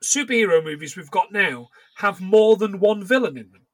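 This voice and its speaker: A man with a high, bright voice, recorded dry and close with no room sound. He co-hosts a podcast in loose, rambling chat, dropping in swear words as he goes through what he has seen. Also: animated, moderate pace, dry recording. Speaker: podcast co-host. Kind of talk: casual chat.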